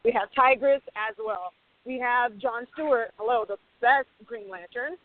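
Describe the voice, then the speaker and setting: A woman's voice: a little high, moderate pace, no room sound. Passionate woman on a tinny line. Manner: passionate, animated, acts out quoted dialogue. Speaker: screenwriter and panelist. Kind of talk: panel discussion. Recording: tinny phone-line sound, dry.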